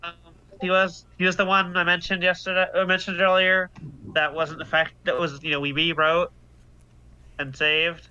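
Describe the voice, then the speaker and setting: A man's voice: high voice, flat delivery, moderate pace, bright, forceful tone, clear, resonant tone. A man playing a tabletop role-playing game who talks hesitantly, with many restarts. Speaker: player. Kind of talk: tabletop role-play chat. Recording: dull lo-fi audio.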